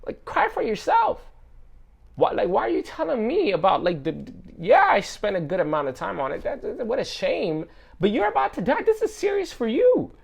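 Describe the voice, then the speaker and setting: A man's voice: very high voice, huge pitch swings, unhurried, gravelly, breathy edge, pitched above the performer's own voice, exaggerated voice. A man voicing an exasperated, incredulous male doctor inside a sermon story. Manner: incredulous, rising and pleading.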